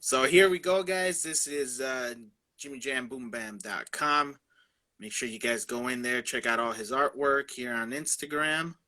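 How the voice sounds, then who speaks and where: A man's voice: medium pitch, sharp tone. A man hosting a casual interview, reacting with enthusiastic exclamations. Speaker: show host.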